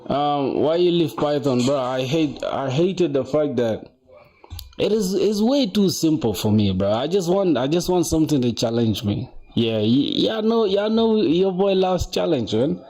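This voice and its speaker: A man's voice: on the high side, animated, unhurried, darkish tone. A young man casually chatting on a coding livestream, rambling and reading viewer comments aloud, calling everyone bro. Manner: chatty, rambling, says bro a lot, reads chat aloud.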